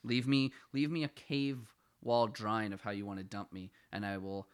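A man's voice: fairly low pitch, normal speed, clear, resonant tone. A young man from the Ottawa Valley with a Canadian accent, co-hosting a casual comedy podcast and rambling with stumbling restarts and self-mockery. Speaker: podcast co-host.

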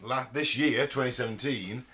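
A man's voice: mid-range voice, moderate pace, sharp tone. A man co-hosting a casual podcast, chatting and cracking jokes. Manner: joking, chatty. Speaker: podcast co-host. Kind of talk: casual chat.

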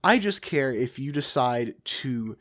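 A man's voice: mid-range voice, lively intonation, measured pace, a bit bright. A man co-hosting a podcast in casual chat, talking emphatically, repeating his points and laughing often. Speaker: podcast co-host.

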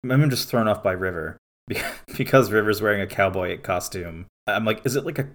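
A man's voice: fairly low pitch, moderate pace, fairly bright tone. A man co-hosting a podcast, recapping an episode in a loose, rambling way with lots of fillers. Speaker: podcast co-host. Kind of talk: casual chat.

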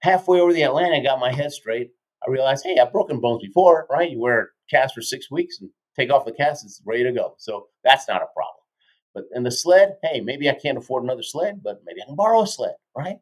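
A man in his fifties, a motivational speaker telling stories as a podcast guest, energetic and tagging lines with "right?". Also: medium pitch, a little fast, poor audio. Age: 50s. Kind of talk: animated storytelling in a podcast interview.

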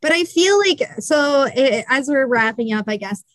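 A woman's voice: high voice, animated, normal speed, no room sound. A woman hosting a podcast in casual chat, talking things through with frequent restarts. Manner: chatty, thinks aloud with many restarts. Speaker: podcast host.

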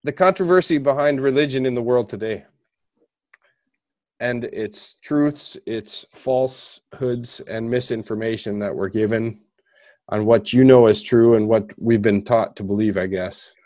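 A man's voice: medium pitch, a little slow, darkish tone. A man hosting a podcast in casual chat, asking loose, rambling questions. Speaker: podcast host.

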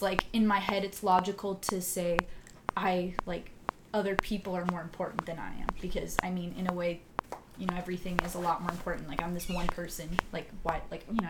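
Soft halting woman, noisy recording. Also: medium pitch. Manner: halting, many fillers and restarts. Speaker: podcast guest. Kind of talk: casual personal storytelling. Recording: loud background noise with clicks.

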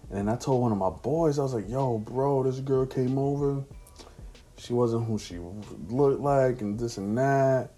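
Slangy man telling a story, husky and mellow. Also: on the low side. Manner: slangy, profane, laid-back street talk. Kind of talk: casual personal anecdote.

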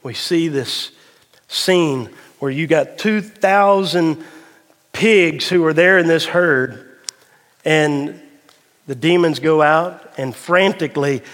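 Preacher, fairly high voice, dramatic delivery, church reverb. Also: male voice, fairly bright tone. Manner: folksy, tells a dad joke. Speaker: pastor. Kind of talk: sermon. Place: church sanctuary. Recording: long hall reverb of a church.

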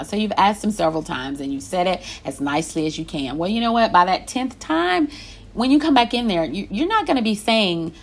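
A woman with a somewhat low voice, talking casually to her listener. She is emphatic and exasperated, stacking rhetorical questions and repeating herself to drive each point home. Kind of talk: casual monologue, advice.

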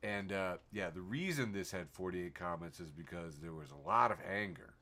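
A man's voice: sits low, normal speed. A man hosting a podcast in casual chat, reading posts aloud with laughter and put-on voices. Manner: animated, laughing, reads posts in exaggerated voices. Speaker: podcast host.

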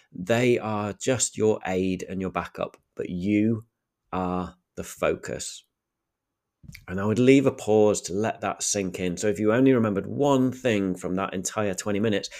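A man's voice: on the low side, measured pace, darkish tone. A man talking through practical communication tips in a solo podcast, shifting his pace and volume to demonstrate each point. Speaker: communication coach.

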